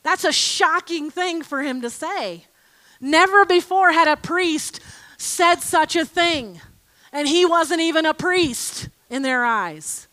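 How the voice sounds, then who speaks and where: A woman giving an informal Bible teaching, reading aloud from scripture and a commentary with emphatic, expressive delivery. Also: extremely high pitch, slow.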